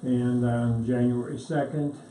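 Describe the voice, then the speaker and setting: A man serving as county attorney, giving a measured, matter-of-fact report at a board meeting. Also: medium pitch, fairly even intonation, dark tone. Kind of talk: reporting legal items. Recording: echoey room, faint hiss.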